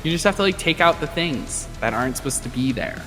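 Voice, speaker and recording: A man's voice: fairly high pitch, expressive, fast, pushed and bright, in a large hall, faint music behind, pitched above the performer's own voice, low-quality recording. A man voicing an eerie little girl who coaxes players into a game. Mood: coaxing.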